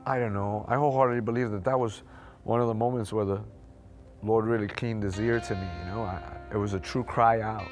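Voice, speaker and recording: A man telling his personal testimony in a fast, unscripted way, with many fillers and restarts. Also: lowish voice, steady tone. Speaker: testimony speaker. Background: background music.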